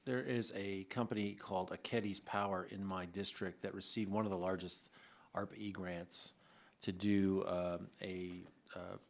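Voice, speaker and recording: Low-voiced male lawmaker, halting questioner at a hearing. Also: fairly even intonation, gravelly. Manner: halting, many fillers and restarts. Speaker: congressman questioning witnesses.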